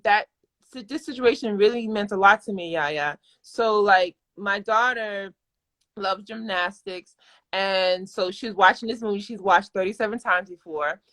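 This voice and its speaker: Bright-voiced effusive woman host. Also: medium pitch. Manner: candid, effusive, restarts sentences often. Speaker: host of a live video chat. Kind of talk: casual live-stream conversation. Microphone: phone or webcam on a live video call.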